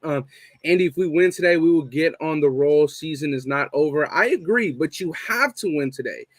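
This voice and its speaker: Young guy cursing through a fan livestream, kinda high voice, dry close sound. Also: normal speed, no room sound. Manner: heavy swearing, repeats points for emphasis. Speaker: fan show host reading live chat. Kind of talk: casual live-stream chat.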